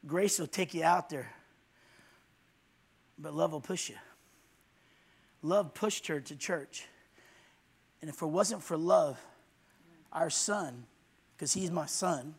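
A man preaching a fiery sermon in church, swinging from low intense murmurs to loud shouts. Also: breathy edge.

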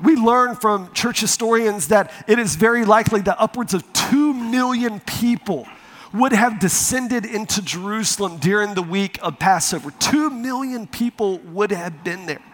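Animated male preacher in a reverberant hall. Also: high voice, normal speed. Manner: animated storyteller, acts out quotes. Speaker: pastor. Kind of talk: sermon with personal story.

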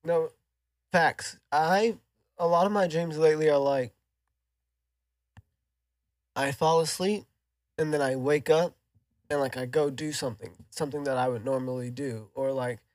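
A man's voice: on the high side, a little slow, pauses often, no echo, studio quality. A young man chatting casually on a podcast, rambling with lots of fillers. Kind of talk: casual chat.

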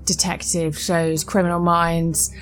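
A woman's voice: on the low side, flat delivery, unhurried. A woman chatting as a podcast guest in an easygoing, wry way. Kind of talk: casual podcast chat.

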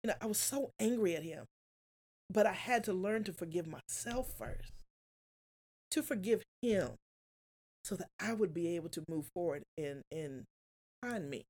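A woman's voice: fairly low pitch, animated, normal speed, long pauses, a little mellow. A woman telling an emotional personal story as a guest, earnest and confessional, close to tears. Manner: earnest, confessional, often quotes herself.

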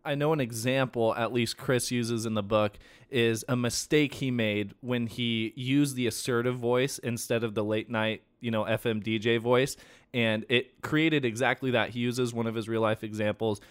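A man's voice: medium pitch, steady tone, moderate pace, clean tone. A man co-hosting a casual podcast about sales and negotiation, talking in a conversational way. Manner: conversational, acts out sales lines. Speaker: podcast co-host.

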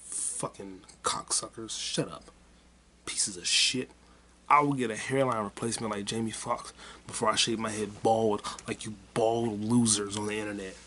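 A man's voice: lowish voice, flat delivery, normal speed, sharp tone, a little hiss or hum. A man hosting his own podcast, rambling through a casual solo monologue in a crude, heated way and mocking people with repeated put-downs. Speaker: podcast host.

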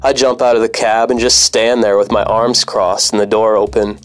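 Brief: low-pitched male storyteller, wry and profane, faint music underneath. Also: flat delivery, normal speed. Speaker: former cab driver. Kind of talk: personal story narration.

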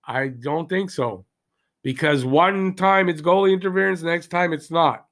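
Male podcast host, high raspy-edged voice, heated solo rant. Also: moderate pace, a bit bright. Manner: heated, ranting, rhetorical questions to listeners. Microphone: podcast mic, also filmed for video.

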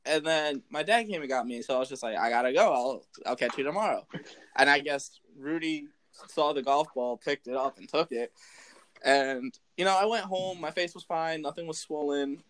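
A man with a fairly high voice tells a story in casual chat. He is lively and animated, and he slips into the voices of the people in his tale as he goes. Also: moderate pace. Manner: lively, acts out quoted voices. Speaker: storyteller recounting a school memory.

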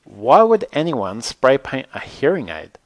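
A man voicing an excitable, gushing teenage girl who squeals and shrieks. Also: mid-range voice, a little slow, dry recording.

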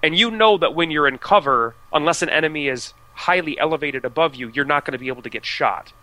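A man's voice: a little high, quick pace, bright, forceful tone, no room sound, rough recording. An American man talking casually about video games as a podcast co-host, chatty and full of restarts and fillers. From United States. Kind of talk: casual video game discussion.

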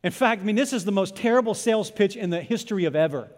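A man preaching a sermon in church, impassioned, dropping to a hush and then rising to loud emphasis. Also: sits high, expressive, quick pace. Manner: impassioned, swings from hushed to loud. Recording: long reverb of a church hall.

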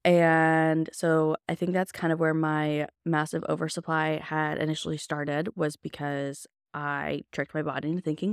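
A woman's voice: low voice, level tone, moderate pace, hardly any pauses, clean tone, no echo, clean studio sound. A young woman hosting a podcast, telling a personal story in a candid, chatty way full of casual fillers. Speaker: podcast host.

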